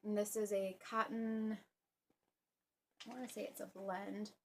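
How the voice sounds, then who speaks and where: A young woman hosting a casual knitting vlog at home, chatty and relaxed, full of ums and little laughs. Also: mid-range voice, a little slow, slight background noise. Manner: chatty, with fillers and soft laughs. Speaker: knitting podcast host. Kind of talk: casual show-and-tell vlog.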